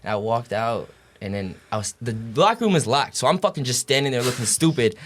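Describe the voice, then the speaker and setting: A man's voice: mid-range voice, very animated, a little fast. A young man, a college basketball player as podcast guest, telling stories in rambling, slang-heavy speech full of swearing and fillers. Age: young adult. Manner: rambling slang, heavy swearing, many fillers like "you know what I'm saying". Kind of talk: casual interview chat.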